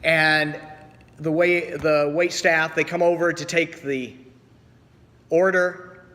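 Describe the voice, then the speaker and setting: A man preaching a sermon as pastor, telling stories with voiced quotes and slow pauses. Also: a little high, steady tone, pushed and bright. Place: church sanctuary. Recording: long church reverb.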